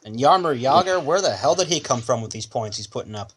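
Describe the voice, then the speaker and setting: A young man co-hosting a casual hockey podcast over a remote call, chatty and quick to joke. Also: mid-range voice, animated, a little hiss or hum. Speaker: podcast co-host. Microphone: remote call mic.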